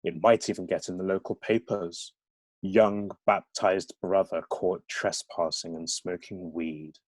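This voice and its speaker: A man's voice: low voice, fairly even intonation, a little slow, no echo. A male author talking at a book event and reading from his novel, with many hesitations.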